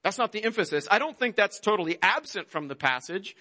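A man's voice: high voice, expressive, brisk, pushed and bright. A man preaching a sermon, earnest and conversational, often repeating words as he goes. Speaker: pastor. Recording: long hall reverb.

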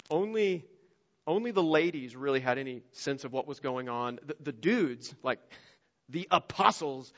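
A somewhat high-voiced man preaches in a big hall with a long, ringing reverb. The sound is a bit muffled and dull. He shifts between hushed, confiding asides and loud, emphatic bursts, acting out the voices of the people in his stories. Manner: animated, swings from quiet and intimate to loud and emphatic; acts out quoted voices in story-telling. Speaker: pastor. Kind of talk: sermon.

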